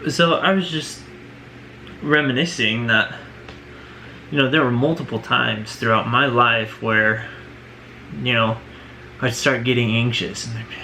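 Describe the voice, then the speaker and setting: A man's voice: mid-range voice, steady tone, measured pace, pauses often, bright, forceful tone, a little hiss or hum, low-quality recording. A man talking earnestly in a personal vlog, leaning on "you know" and "right?" as he reflects. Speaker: vlogger.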